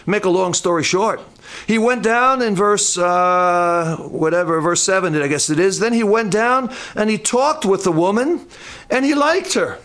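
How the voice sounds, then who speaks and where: An older male pastor delivers a folksy, homespun sermon at a church camp in a fairly high, slightly bright voice at a measured pace. He is conversational, slipping in humorous asides and often stumbling and restarting his phrases.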